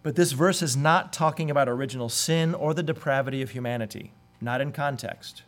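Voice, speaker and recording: A man's voice: mid-range voice, brisk. A man preaching a sermon in an earnest way, sometimes acting out the voices he quotes. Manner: earnest, acts out quoted voices with sudden lifts. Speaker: pastor.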